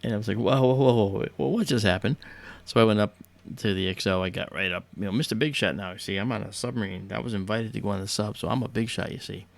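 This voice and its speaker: A man's voice: fairly low pitch, fairly even intonation, fast, creaky. A man hosting a livestream, telling a story casually in a hesitant way full of fillers and restarts. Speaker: livestream host.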